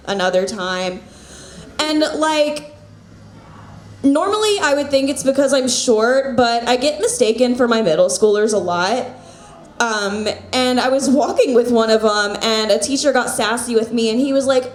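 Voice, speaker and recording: A woman's voice: fairly high pitch, moderate pace. A young woman doing an open-mic stand-up set in a small bar, awkward and self-deprecating with hesitant fillers, on a handheld mic. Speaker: stand-up comic. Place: small comedy bar stage. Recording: echoey bar room.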